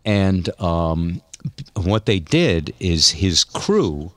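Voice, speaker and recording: An older male podcast host with a very low voice that still swings widely in pitch. He chats casually, jokes and laughs a lot, slipping into little voices for quotes. The sound is dry and close. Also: big pitch swings, very slow, dry recording. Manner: jokey, laughs often, acts out quotes. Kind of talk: casual chat.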